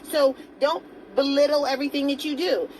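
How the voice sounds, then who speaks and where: A woman with a fairly high voice talks straight to her viewers in a motivational vlog. She sounds earnest and coaxing and keeps asking them pointed questions. Faint traffic hums in the background. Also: fairly even intonation, normal speed, darkish tone, poor audio. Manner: greets viewers by name mid-talk. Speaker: self-help vlogger. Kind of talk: motivational talk to camera.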